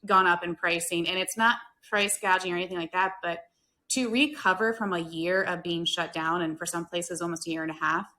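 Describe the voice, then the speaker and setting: This hospitality worker and podcast host, an American woman, speaks in a lowish, steady voice with a sharp edge and a fairly quick pace. Her casual talk-show chat is earnest and chatty, dotted with lots of fillers.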